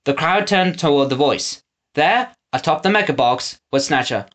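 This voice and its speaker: Expressive woman reading a storybook. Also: deep voice, normal speed. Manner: expressive reading, lively intonation. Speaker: audiobook narrator. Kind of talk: storybook narration.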